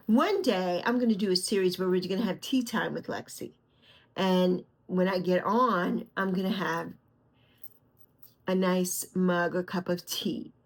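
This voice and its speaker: A middle-aged woman from the Bronx with a New York accent, rambling affectionately to her viewers from her bed in a casual vlog. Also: mid-range voice. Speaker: vlog host. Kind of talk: casual chat. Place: lying back on her bed at home.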